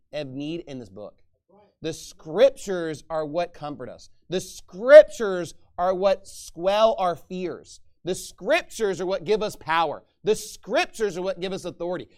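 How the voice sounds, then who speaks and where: A man pastor preaching a sermon, swinging between loud emphatic exhortation and low, quiet passages.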